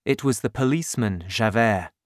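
A man narrating an audiobook chapter in a slow, clear and expressive way. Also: medium pitch, no room sound, clean studio sound.

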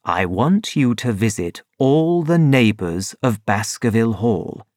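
A man voicing a calm, shrewd middle-aged detective in a storybook reading, low and measured. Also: dry recording, studio quality. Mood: instructing.

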